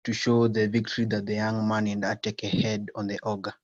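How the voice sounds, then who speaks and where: A man's voice: on the low side, little pitch movement, normal speed, dry recording, muffled recording. A teenage student answering his teacher on an online class call. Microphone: video call.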